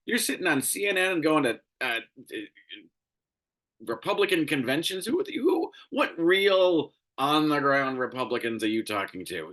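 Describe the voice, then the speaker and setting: Profane, animated ranting man. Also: on the high side, normal speed. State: tired and crabby. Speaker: show host. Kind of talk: solo commentary rant.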